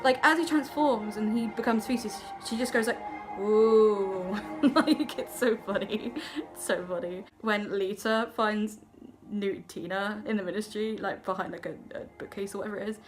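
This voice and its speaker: A woman's voice: medium pitch, fairly even intonation, normal speed, music in the background. A young woman giving a casual film review vlog, gushing and giggly, and rambling with lots of fillers. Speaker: vlogger.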